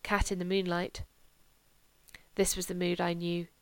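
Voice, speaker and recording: Woman reading a novel aloud, calm and measured, very smooth clear voice, dry close sound. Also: on the low side, no room sound. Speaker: audiobook narrator. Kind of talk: literary audiobook narration.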